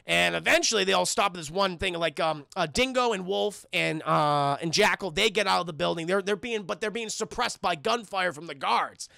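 A young man streaming a cartoon review, talking casually and excitably to his chat, with lots of swearing. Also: high voice, moderate pace, vocal fry, hardly any pauses, dry recording, studio quality. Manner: profane, excitable, talks to chat.

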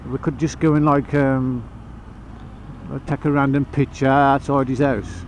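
A man's voice: medium pitch, level tone, measured pace, darkish tone, slight background noise, poor audio. A man with a Black Country accent, rambling and laughing in casual chat while out on a motorcycle, talking over a helmet intercom. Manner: rambling, chatty, laughs a lot. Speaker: motorcycle vlogger. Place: outdoors on a motorcycle.

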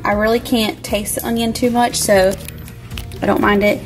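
A woman's voice: mid-range voice, flat delivery, moderate pace, faint music behind. A woman, chatting upbeat in her home kitchen while she cooks for her vlog. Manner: chatty, upbeat, says "y'all". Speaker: vlog host. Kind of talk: casual cooking vlog chat.

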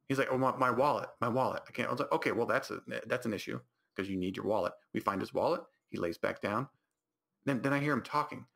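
A man from California's high desert hosts his own solo podcast, telling rambling, casual stories with frequent restarts and self-corrections. His voice is mid-range, gravelly and a bit bright, and he talks quickly.

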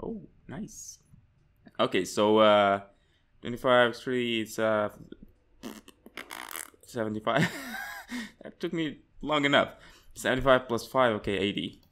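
A man's voice: medium pitch, slow, long pauses. A young man hosting a horror game let's play, reading notes aloud and yelping and swearing when startled. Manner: jumpy and excitable, yelps and swears when startled. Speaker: gaming channel host.

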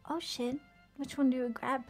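A woman's voice: high-pitched, flat delivery, moderate pace, faint music behind. Chatty woman streamer, cursing at her game. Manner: swears often, exclaims in frustration; chatty, reads chat aloud and answers it. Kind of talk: casual gameplay commentary.

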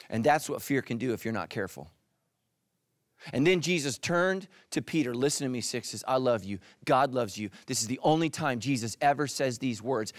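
A man preaching a sermon as pastor, animated and speaking straight to his listeners. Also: medium pitch, moderate pace, no echo, studio quality. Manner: animated, addresses listeners directly.

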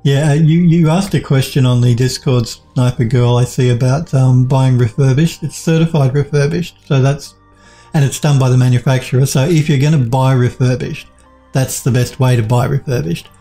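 A man talking casually on a live stream, reading out chat messages and answering them between pauses. His voice is dark and gravelly and sounds a little worn, as he is losing it. Faint music plays behind him. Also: medium pitch, fairly even intonation. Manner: reads out chat messages and answers them, with many fillers and restarts. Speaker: game developer streaming live.

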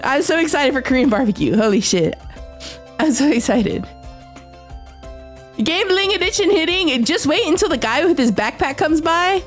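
A young woman streaming a game, chatting casually and excitably with her viewers, often giggling. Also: high-pitched, moderate pace, long pauses. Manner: excitable, giggly, talks to chat. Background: faint background music.

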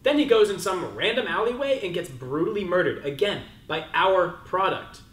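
Brief: exasperated executive, lively rising voice, echoey office. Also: male voice, sits high, normal speed. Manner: incredulous, building to a punchline. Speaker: company executive. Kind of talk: comedy sketch acting.

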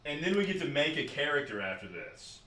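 A young man on a live game stream talks casually to his chat between rounds and curses a lot. His fairly high voice swings widely in pitch, moves briskly and has a sharp tone, with a roomy echo in the recording.

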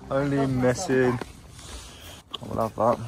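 A man's voice: medium pitch, steady tone, slow pace, gravelly, crowd noise. A young British man chatting casually about his resale sales, swearing now and then and reading buyer messages aloud. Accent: British English. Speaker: reseller vlogger. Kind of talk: casual chat.

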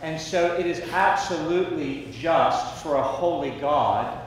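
A man answering on a conference panel, firm and emphatic like a preacher. He speaks very slowly and stands back from the mic. The sound carries a heavy echo through a large hall. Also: a little high, lively intonation, slight background noise. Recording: distant voice in echoey hall.

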